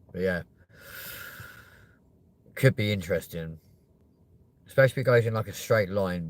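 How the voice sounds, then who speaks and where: A young man hosting a live stream, chatting casually and joking with viewers, with plenty of swearing. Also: low-pitched. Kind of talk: rambling live-stream chat.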